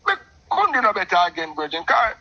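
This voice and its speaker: A middle-aged Jamaican man telling a long personal story in patois, animated and talkative, calling in to a show. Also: high-pitched, fast, gravelly, husky, muffled recording. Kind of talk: casual storytelling on a call-in show.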